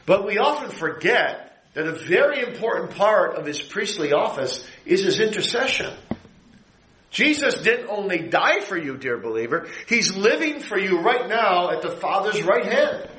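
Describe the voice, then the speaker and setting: Man preaching, middle-aged, fairly high voice, emphatic rising peaks, roomy echo. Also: fairly bright tone. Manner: rising to emphatic high climaxes, then dropping low. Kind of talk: sermon.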